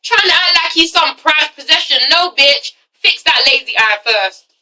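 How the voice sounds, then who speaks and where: High bright-voiced woman ranting. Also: expressive, normal speed, distant mic, low-quality recording. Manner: blunt, profane, exasperated. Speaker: TV review vlogger. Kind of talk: casual ranting review.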